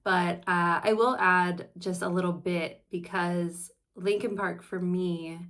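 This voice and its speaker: Earnest low-voiced woman therapist. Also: steady tone, slow, fairly bright tone. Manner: earnest, reflective, personal storytelling. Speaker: therapist hosting a reaction channel. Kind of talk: casual reaction commentary.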